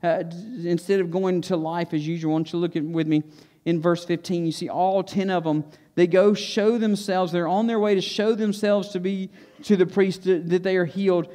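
Earnest higher-voiced male preacher. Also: fairly even intonation, moderate pace, warm tone. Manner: earnest preaching, repeats phrases for emphasis. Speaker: pastor. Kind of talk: sermon. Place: church sanctuary.

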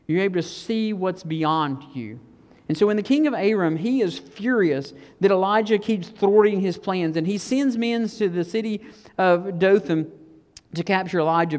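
Conversational preacher in a reverberant hall. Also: mid-range voice. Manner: conversational, drops to hushed tones for emphasis. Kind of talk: sermon.

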